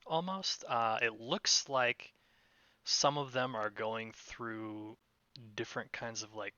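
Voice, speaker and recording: A man's voice: mid-range voice, steady tone, slow pace, bright, forceful tone, clear, resonant tone, no echo, lo-fi sound. A man running a tabletop game as game master, describing scenes with many fillers and a slight lilt.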